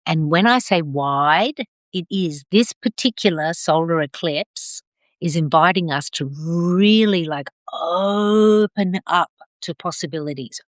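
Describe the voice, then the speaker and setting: A middle-aged woman leading a live video circle, gentle and affirming, drawing out her phrases as she reads out comments. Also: fairly low pitch, no echo, studio quality. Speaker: circle facilitator.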